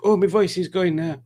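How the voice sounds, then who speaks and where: A man's voice: on the high side, a little mellow. A man hosting a live quiz stream, rambling casually and reading out viewer comments. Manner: rambling, reads out chat comments.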